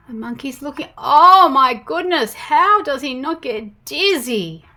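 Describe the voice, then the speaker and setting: An Australian woman reading a picture book aloud to young children, slow and animated, with gasps of surprise. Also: high-pitched. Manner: animated, gasping, slow and exaggerated for toddlers. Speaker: storytime host reading picture books.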